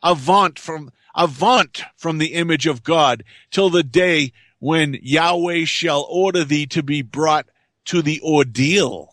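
Man reading seth, stern young guy scolding, slow, dry sound. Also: fairly high pitch, a bit bright, dry recording. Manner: stern, commanding, archaic speech.

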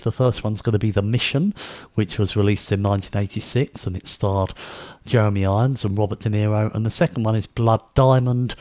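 A man's voice: fairly low pitch, mellow, dry recording. A man hosting a podcast, talking in a rambling way with many fillers and restarts. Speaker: podcast host. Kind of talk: casual podcast chat.

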